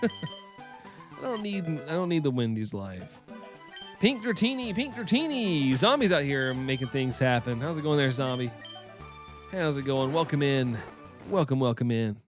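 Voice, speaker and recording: A man with a light Southern US accent, casually chatting with his stream's viewers, upbeat and quick to laugh. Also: medium pitch, sing-song, faint music behind. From Southern United States. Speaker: live-stream host. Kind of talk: casual live-stream chat, reading chat.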